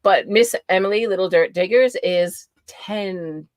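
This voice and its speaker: A woman's voice: mid-range voice, measured pace, no room sound. New England woman hosting a livestream; chatty, laughing, very dry close mic. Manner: chatty, greets viewers by name, laughs often. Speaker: livestream host. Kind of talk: casual livestream chat.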